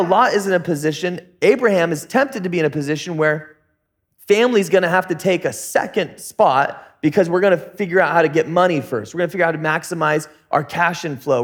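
Joking, laid-back preacher man, slightly high. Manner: relaxed, joking, slangy storytelling. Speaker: pastor. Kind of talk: casual sermon.

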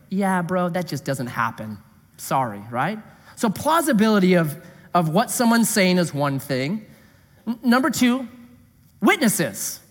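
A middle-aged man preaching a sermon as a comic story, animated and exclaiming, with a long hall echo. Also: high voice, a little slow.

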